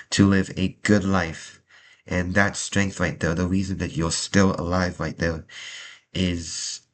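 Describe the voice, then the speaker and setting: A young man talking earnestly to the camera from a small room, halting, restarting and repeating himself. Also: sits low, a bit bright. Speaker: vlogger. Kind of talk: personal talk to camera. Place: small room indoors, adjusting his lighting.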